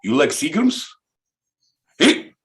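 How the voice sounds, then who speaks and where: A man's voice: a little high, very animated, slow, fairly bright tone, full character voice, poor audio. A man voicing a self-assured Russian man with a thick Russian accent, broken grammar and rhetorical questions. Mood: boastful.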